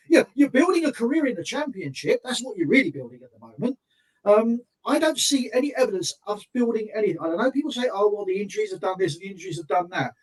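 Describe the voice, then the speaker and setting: High, husky man, scornful and frustrated. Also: distant mic, low-quality recording. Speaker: podcast co-host. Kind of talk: casual football podcast chat.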